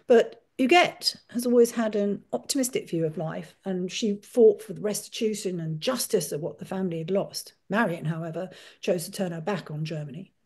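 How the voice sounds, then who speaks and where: A woman author giving a talk, telling a family history in an earnest, measured storytelling way. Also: mid-range voice, a little mellow. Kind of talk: storytelling lecture.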